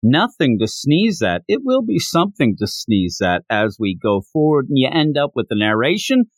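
Animated man recapping a comic chapter. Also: medium pitch, normal speed, no echo. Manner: animated, giggly, acts out dialogue. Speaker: podcast host reviewing manga.

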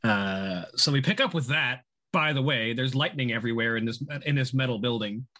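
A man's voice: mid-range voice, normal speed, sharp tone. A man running a tabletop game as game master, chatting casually and teasing his players.

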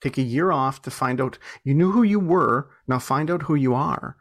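Speaking at a normal speed in a mid-range, slightly bright voice, a man recounts stories during a casual interview about his life as an author and entrepreneur. He keeps it chatty and self-mocking, laughing frequently and often starting over.

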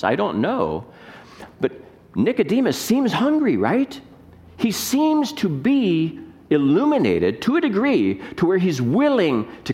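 A man, a pastor, preaching a sermon with emphatic rhetorical questions and scripture reading. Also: on the high side.

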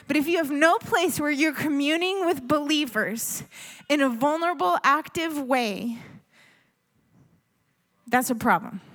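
Woman preacher, high voice, earnest pleading sermon delivery with quiet asides.

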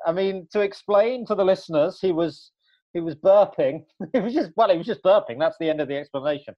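A man hosting a casual interview on a call, chatty and quick to laugh. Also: high-pitched, dull audio. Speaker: podcast host.

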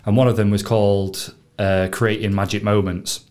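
A man with a slightly low voice talks easily in an interview. He is relaxed and casual, and leans on fillers as he goes. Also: moderate pace. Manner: relaxed, filler-heavy, uses "like" and "sort of" often. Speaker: guest.

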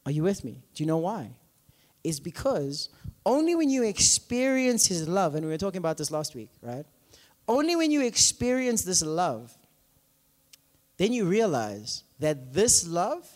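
High-pitched guy pastor, super lively ups and downs, keeps asking are you with me, big hall echo. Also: normal speed. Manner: animated, asks congregation often, many fillers. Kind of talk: conversational sermon with stories. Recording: long hall reverb.

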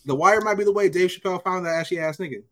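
A man on a casual podcast tells what happened in an episode. His voice sits a bit high, and he jumps into the characters' lines as he goes. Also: racing, a little hiss or hum. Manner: animated storytelling, acting out characters' lines. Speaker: podcast host recapping a TV episode. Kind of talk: casual chat.

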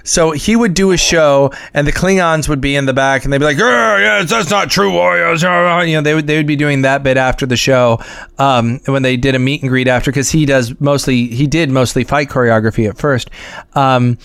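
A man's voice: mid-range voice, steady tone, brisk, smooth, dry recording, clean studio sound. A man in casual conversation, telling a long story with many ums, uhs and restarts.

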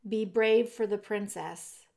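Voice a polite male mouse executioner in a storybook, as a woman reading aloud puts him on. He is courteous and solemn and speaks in a hushed murmur. He sounds unhurried and almost apologetic as he goes about his duty. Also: medium pitch, steady tone, creaky. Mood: gentle, solemn.

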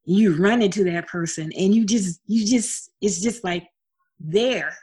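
A woman singer chatting casually as an interview guest, expressive and talkative. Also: mid-range voice, measured pace, slightly rough. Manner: expressive and chatty, with frequent laughs.

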